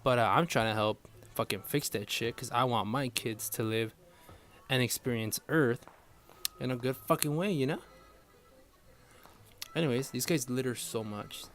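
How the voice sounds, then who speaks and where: A young vlogger with a medium-pitched, slightly bright voice rants casually to his viewers at a moderate pace with long pauses. He rambles and swears often out of frustration.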